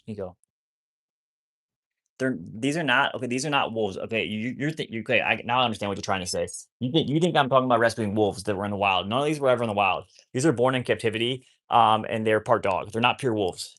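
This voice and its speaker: A man's voice: on the low side, fast, few pauses, a bit bright. A man rambling casually to viewers on a live stream about rescuing wolfdogs, often cooing at his dogs.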